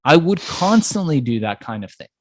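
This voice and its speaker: A man's voice: a little high, sing-song, moderate pace, darkish tone, dry recording. A man being interviewed, telling a story from his past with energy and acting out the voices of people in it. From Iran. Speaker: entrepreneur guest.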